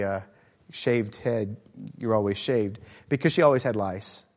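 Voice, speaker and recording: Earnest preaching man in a reverberant hall. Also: medium pitch. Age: middle-aged. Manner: earnest, with many fillers and restarts. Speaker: pastor. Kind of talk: sermon.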